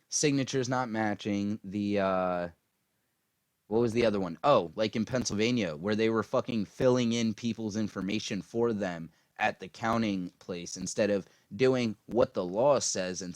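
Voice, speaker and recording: A man's voice: lowish voice, no echo, studio quality. A man ranting casually about politics, profane and rambling with lots of fillers, tired after a long day. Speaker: political commentary vlogger.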